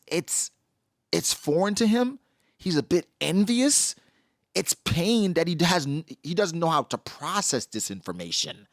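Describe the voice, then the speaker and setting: A man giving casual, slangy commentary on a comic chapter, acting out characters in quick asides. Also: mid-range voice, no room sound, studio quality. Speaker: manga reaction host.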